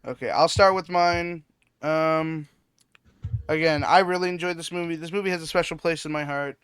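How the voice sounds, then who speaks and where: Easygoing higher-voiced podcast co-host man. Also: normal speed, a bit bright, smooth, no echo. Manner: easygoing, thinks aloud with hesitant restarts. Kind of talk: casual film discussion.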